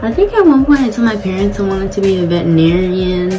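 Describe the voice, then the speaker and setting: Mid-range and expressive, this young beauty vlogger's voice comes fast as she does her makeup at home in a casual get-ready-with-me chat. She's blunt and swears now and then, and the low-quality recording has music behind her.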